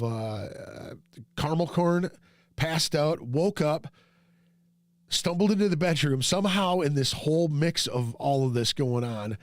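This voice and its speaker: A man hosting a podcast who tells a rambling, profane, self-mocking story and jumps into high yelps when quoting himself. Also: no echo. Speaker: podcast host. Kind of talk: casual storytelling monologue.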